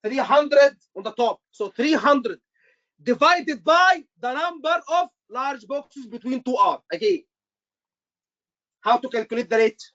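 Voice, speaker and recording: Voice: sits high, lively intonation, measured pace, a bit bright, dull audio. Repetitive instructor quizzing a live class. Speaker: medical exam instructor.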